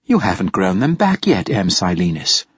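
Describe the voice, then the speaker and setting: A man's voice: low voice, sing-song, moderate pace, husky, dry recording, exaggerated voice. A man voicing a polite female android. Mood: composed. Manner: composed, courteous, precise. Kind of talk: audiobook character voice. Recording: slightly dull audiobook recording.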